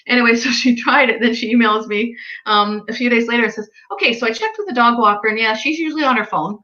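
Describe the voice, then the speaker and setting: A woman's voice: a little high, fast talker, bright, forceful tone, dull audio. A woman working as an animal communicator, chatting casually and acting out the voices of the people in her stories. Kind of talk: casual chat.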